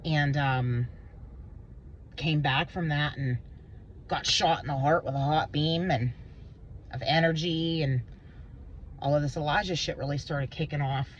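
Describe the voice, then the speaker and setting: A woman's voice: unhurried, long pauses, a little hiss or hum. Intense rambling woman, dull lo-fi audio. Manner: intense, rambling, swearing, swings between low and high pitch. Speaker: vlogger. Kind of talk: emotional personal monologue.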